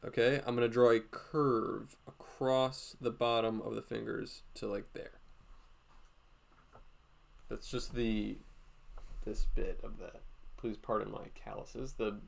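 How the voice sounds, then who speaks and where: A man giving a casual live drawing lesson, walking through each step out loud with lots of "like" fillers. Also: lowish voice, flat delivery, takes it slowly, gravelly, pauses often. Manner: thinks aloud, step-by-step, frequent "like" fillers. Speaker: drawing instructor streaming a class.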